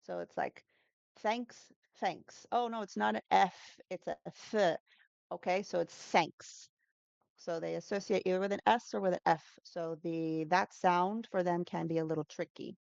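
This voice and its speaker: Low-voiced woman teacher explaining pronunciation. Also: fairly even intonation, normal speed, vocal fry, a little mellow, clear, resonant tone, no room sound, lo-fi sound. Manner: explanatory, demonstrates sounds, many fillers. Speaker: English teacher guest. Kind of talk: casual interview talk.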